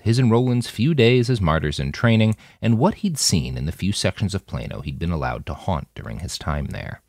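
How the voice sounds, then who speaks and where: A man narrating an audiobook in an even storytelling manner. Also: no echo, studio quality. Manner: deep, even storytelling with wide pitch swings.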